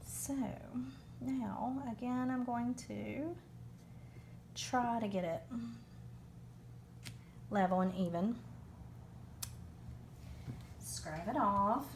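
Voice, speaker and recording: A woman's voice: a little high, creaky, a little hiss or hum. A woman with a Southern US accent giving an unscripted card-making demo, chatty and rambling as she thinks aloud.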